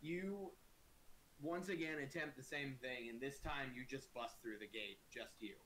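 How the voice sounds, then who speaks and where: Casual male game master, bright voice, loose profane narration. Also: medium pitch, unhurried, a little hiss or hum, poor audio.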